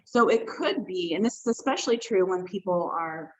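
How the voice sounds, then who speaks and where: A woman trainer leading a workshop over a video call, talking in a conversational, emphatic way with quick self-corrections. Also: fairly low pitch, expressive. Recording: dull lo-fi video call audio.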